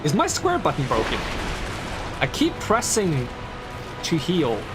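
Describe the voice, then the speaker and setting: A man's voice: a little high, huge pitch swings, a little slow, over loud music. A man streaming gameplay, muttering at enemies in an impatient, grumbling way and speaking in a made-up accent. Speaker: game streamer. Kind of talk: live gameplay commentary.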